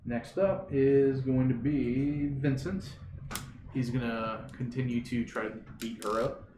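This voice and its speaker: Slow, hesitant man running the game. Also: mid-range voice, little pitch movement. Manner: slow, hesitant rulings with many fillers. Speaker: dungeon master. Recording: echoey room, distant mic, noisy.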